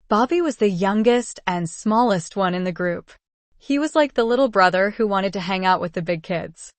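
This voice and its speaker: A woman's voice: medium pitch, lively intonation, normal speed, dry recording. Woman narrating a story, dry close sound. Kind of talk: first-person story narration.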